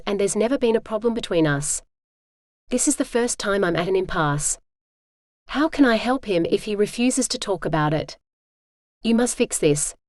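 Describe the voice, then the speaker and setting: A woman's voice: mid-range voice, dry recording, clean studio sound, lightly acted. A synthetic female voice reading a blunt, demanding woman's lines in an audiobook, reproachful in tone. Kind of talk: digitally narrated audiobook.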